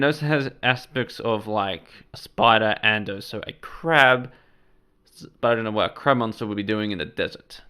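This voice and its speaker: Casual reaction host: a man of Serbian background, mid-pitched and smooth, rambling and swearing as he reacts to a trailer. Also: pushed and bright. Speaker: channel host.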